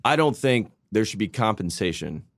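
A man co-hosting a sports podcast in casual chat, telling stories in an excitable, animated way. His voice sits on the low side. The sound is dry and close to the mic. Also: normal speed, no room sound. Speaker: podcast co-host.

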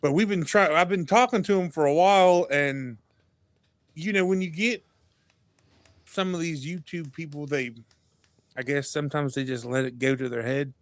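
A man, a podcast guest telling stories in casual chat, animated and laughing, acting out what people said. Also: on the high side, moderate pace, long pauses, dry recording. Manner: animated, laughing storyteller who acts out quotes.

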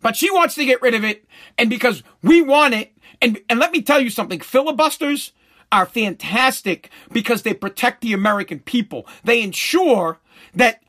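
A man's voice: very high-pitched, moderate pace. A middle-aged man hosting a podcast, telling stories in a loose, profane monologue with frequent laughter. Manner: animated storytelling, laughs often, swears freely. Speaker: podcast host.

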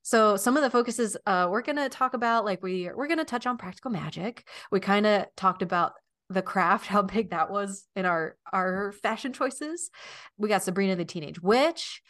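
A woman co-hosting a casual podcast, chatting loosely with lots of fillers and quick asides. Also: mid-range voice, lively intonation, fairly bright tone. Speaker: podcast co-host. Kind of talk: casual chat.

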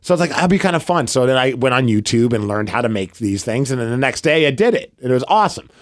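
Lively, rambling male podcast host. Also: medium pitch, quick pace, no room sound, studio quality. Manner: rambling storyteller, lots of "like". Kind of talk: casual chat.

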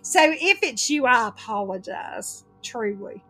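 A woman hosting a casual chat, telling an animated story and laughing through it. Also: a little high, unhurried, soft background music.

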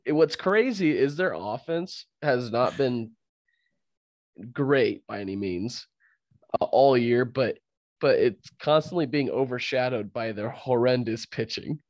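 A man's voice: medium pitch, lively intonation, unhurried, darkish tone, no echo. Laughing man hosting a dry-sounding podcast. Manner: laughs often, rambling with restarts. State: fighting a cold. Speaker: podcast host. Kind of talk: casual sports podcast chat.

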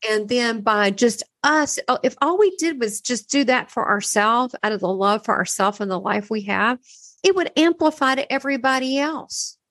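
Woman, conversational storyteller, higher voice, lively swoops, dry close mic. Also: normal speed, dry recording. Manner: animated storytelling, swooping pitch. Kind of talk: casual spiritual conversation.

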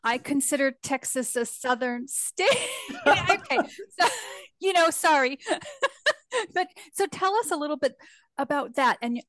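A woman's voice: high-pitched, sing-song, measured pace, a bit bright, dry recording. A woman over sixty from Northern California, co-hosting a podcast with bubbly chatter and frequent laughs. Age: older. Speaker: podcast co-host. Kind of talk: casual podcast chat.

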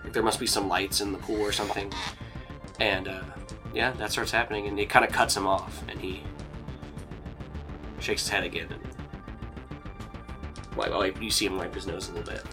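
A man's voice: lowish voice, fairly even intonation, moderate pace, pauses often. A young man running a tabletop game, narrating in a rambling, filler-heavy way and chuckling as he goes, with music playing behind. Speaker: game master.

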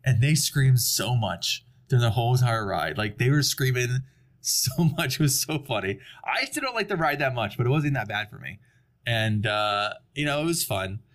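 Young guy rambling thru a park trip story on a podcast mic, does little voices for people. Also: mid-range voice. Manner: animated storyteller acting out quoted people. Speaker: podcast guest. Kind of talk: casual chat.

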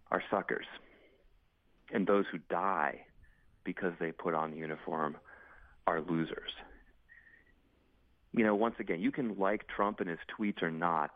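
A man with a low voice speaks with urgency and strong emphasis, pressing each point as an interview guest. His voice comes through a narrow, tinny phone line. The sound is dry, with no room around it. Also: no room sound. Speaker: congressman and Marine veteran.

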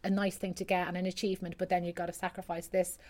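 A middle-aged Irish woman, appearing as a singer guest, tells chatty, rambling stories in casual conversation with plenty of restarts. Her voice is lowish and level, fast, with a darkish tone.

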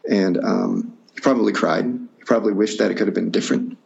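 A man with a low, gravelly voice tells a personal story in an interview, pausing often and circling back with fillers and restarts. The recording sounds dull and lo-fi. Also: a little mellow. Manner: halting, reflective, many fillers and restarts. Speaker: guest.

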